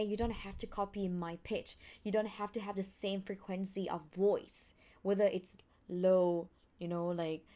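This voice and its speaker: Thai accented woman teaching tones, talks slow, pitch goes way up and down when she demos. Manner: demonstrates sounds with big pitch swings. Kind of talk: pronunciation lesson.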